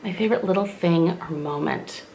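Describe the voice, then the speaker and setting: Chatty gravelly-voiced Indiana woman. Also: fairly low pitch, moderate pace, a little mellow, a little hiss or hum. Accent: southern Indiana. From southern Indiana, USA. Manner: chatty, rambling, many fillers. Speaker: vlogger answering viewer questions. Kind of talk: casual Q&A chat to camera.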